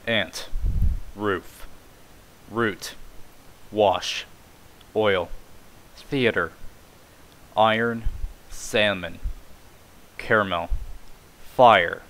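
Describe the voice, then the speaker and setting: A man's voice: lowish voice, extremely slow, long pauses, a bit bright, poor audio. A man from Canada, talking in a casual vlog in a rambling, offhand way and swearing now and then.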